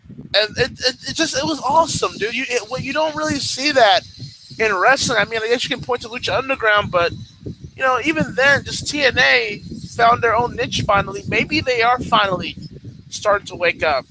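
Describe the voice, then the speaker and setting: Young guy ranting on his livestream, swears a lot, gets worked up, pretty high voice. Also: moderate pace, slight background noise, rough recording. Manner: blunt, profane, ranting; excitable fan enthusiasm. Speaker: livestream host. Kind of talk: casual opinion livestream.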